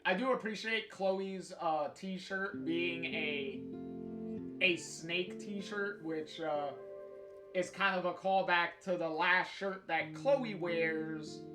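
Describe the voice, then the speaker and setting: A game streamer talking through a let's play at a slow, rambling pace, with many fillers and restarts. The voice sits in an echoey room. Clear guitar music plays behind. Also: mid-range voice. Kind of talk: let's play commentary, reading game text aloud. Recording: roomy sound with guitar music.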